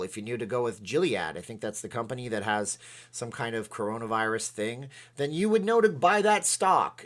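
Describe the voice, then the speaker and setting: Rambling, excitable man hosting a livestream. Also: mid-range voice. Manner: rambling and excitable, reads out chat comments. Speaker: livestream host. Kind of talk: casual chat.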